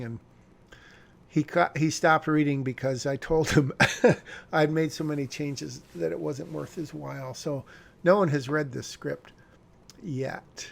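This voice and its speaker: A man talks loosely through his own screenplay, doubling back and correcting himself with dry little asides. His voice sits a bit high and carries a gravelly edge. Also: fairly even intonation, unhurried. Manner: rambling, self-correcting, wry asides. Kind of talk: casual talk about his screenplay.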